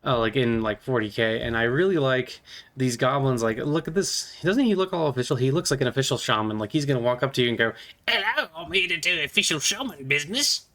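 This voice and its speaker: A man's voice: medium pitch, quick pace. A man vlogging about miniatures in a casual, playful, rambling way.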